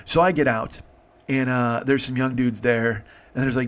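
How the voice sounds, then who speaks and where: A man's voice: mid-range voice, steady tone, normal speed. A man in his fifties telling a comedic story in a rambling, profane way with many restarts. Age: 50s. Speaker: comedian host.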